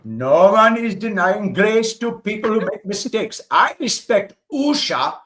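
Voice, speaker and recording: A man's voice: high-pitched, sing-song, a little slow, a bit bright, pitched above the performer's own voice, full character voice. A man voicing an indignant male politician reading his post aloud, in an Indian accent and an emphatic reading voice.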